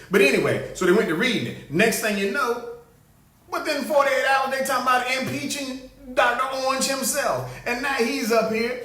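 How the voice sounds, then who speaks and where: A man hosting a comic live show, animated and laughing as he greets viewers by name. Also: sits high. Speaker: show host. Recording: roomy echo.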